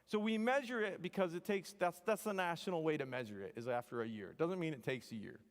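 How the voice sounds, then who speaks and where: A man, an engineering professor, gives a devotional talk to students in a big chapel, with a long reverb trailing after each phrase. His voice sits a little high, and his delivery is animated and joking, full of wry asides. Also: fast. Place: chapel hall.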